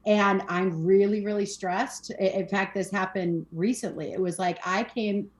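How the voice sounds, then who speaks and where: A woman's voice: medium pitch, fairly even intonation. Frank, swearing woman in her forties. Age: 40s. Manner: frank and emphatic, swears casually, rapid run-on sentences. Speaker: podcast guest. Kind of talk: candid conversational storytelling. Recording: roomy echoey room.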